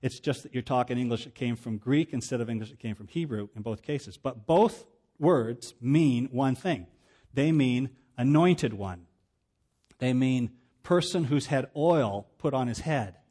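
A man's voice: medium pitch, animated, measured pace, dark tone. A male pastor preaching a sermon in a plain, conversational teaching manner with casual asides.

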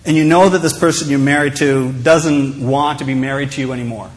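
A man's voice: mid-range voice, fairly even intonation, brisk. A male pastor giving a sermon in a conversational, humorous storytelling way.

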